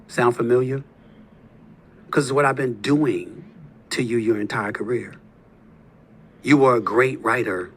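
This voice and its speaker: This fiftysomething sports talk host's monologue is heated and confrontational, full of mocking rhetorical questions and lurches between low mutters and loud outbursts. His voice is husky, his pace measured, and he leaves long pauses.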